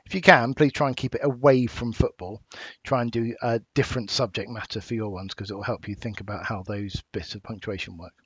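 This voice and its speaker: A man's voice: fairly low pitch, fairly even intonation, fairly quick, a bit bright, no echo. Patient English male teacher explaining. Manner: clear, patient explaining with fillers. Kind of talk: recorded lesson narration. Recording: dull dry home recording.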